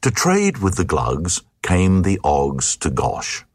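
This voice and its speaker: A man's voice: sits low, huge pitch swings, slow pace, hardly any pauses, no room sound. A man reading a comic narrative poem aloud in a rhythmic, sing-song recitation.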